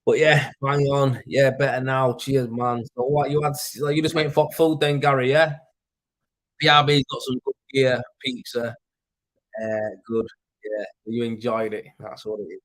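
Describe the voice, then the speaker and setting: A Yorkshire-accented man hosts a casual livestream at a measured pace, his medium-pitched voice showing little pitch movement. He reads viewer comments in a rambling, chatty way with fillers and swearing, through a plugged-in desk mic on a rough recording.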